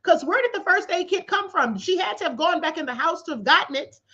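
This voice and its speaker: This livestream host talks fast in a very high, animated voice that's pushed and bright, though the highs are cut off by her livestream setup. She reads from a court filing and picks it apart, sarcastic and incredulous, laughing in disbelief.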